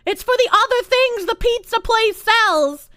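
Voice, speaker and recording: High, animated woman ranting on stream. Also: measured pace, dry recording, studio quality. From Boston. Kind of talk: casual live-stream chat.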